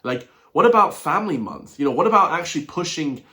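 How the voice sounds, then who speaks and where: A man's voice: fairly high pitch, sing-song, quick pace, pushed and bright. An Irish man giving blunt, indignant commentary on news clips, often turning to his viewers. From Ireland. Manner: indignant, blunt, keeps addressing viewers as guys. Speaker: commentary vlogger.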